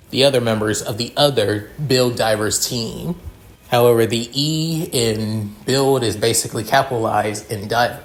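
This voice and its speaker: A man narrating his own fan fiction in a rambling style, with frequent restarts and fillers. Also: medium pitch. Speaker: story reader.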